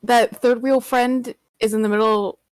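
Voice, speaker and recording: Young woman, tabletop player, blunt, rambling, high lively voice, dry sound. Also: a little slow, clear, resonant tone, no echo, rough recording. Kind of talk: casual tabletop game chat.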